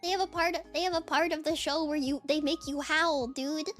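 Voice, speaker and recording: Young woman streaming, really high voice, chatty and animated, lots of likes and laughs, faint music behind. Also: brisk. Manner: animated, laughs often, heavy use of "like". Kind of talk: casual livestream storytelling chat.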